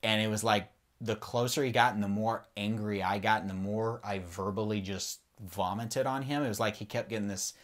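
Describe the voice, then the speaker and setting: A man's voice: lowish voice, steady tone, normal speed, hardly any pauses. A man on a podcast, candidly telling a personal faith story in an earnest, rambling way and swearing freely.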